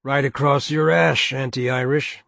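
A man's voice: mid-range voice, steady tone, normal speed, dry recording, lightly acted. Tough young laborer, defiant and sneering, storybook reading, as a man plays him, dry close sound.

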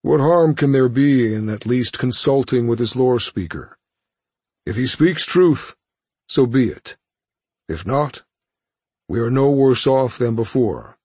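A male narrator voicing a calculating warlord in an audiobook, speaking calmly and deliberately with a husky tone. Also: mid-range voice, no echo.

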